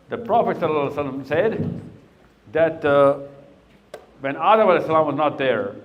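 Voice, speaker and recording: A man's voice: on the high side, animated, fairly quick, pauses often. A middle-aged man speaking to young people in a live talk, quizzing them patiently and then telling a long story. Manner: questioning, coaxing and storytelling.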